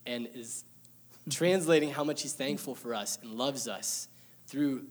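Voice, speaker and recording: Brief: young man, church testimony, heartfelt and emotional, mid-pitched, everyday delivery. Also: a little slow. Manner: earnest, emotional storytelling with light laughter. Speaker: church member sharing testimony. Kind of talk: personal testimony to a congregation.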